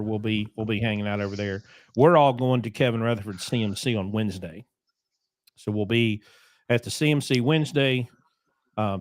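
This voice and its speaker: A man's voice: on the low side, no room sound, clean studio sound. A man hosting a casual trucking podcast, talking loosely with plenty of ums and asides. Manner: loose, rambling, with many ums. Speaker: podcast host.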